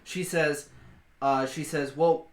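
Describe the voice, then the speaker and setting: Lively game master, swooping pitch, roomy echo, voicing townsfolk with excited outbursts. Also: measured pace. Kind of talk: narrating a tabletop game.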